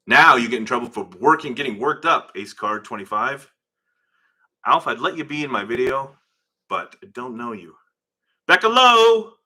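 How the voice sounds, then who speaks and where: A man with a mid-range, slightly breathy voice hosts a casual live stream of a car build from his home garage workshop. He's animated and rambling, reading viewer names from the chat aloud.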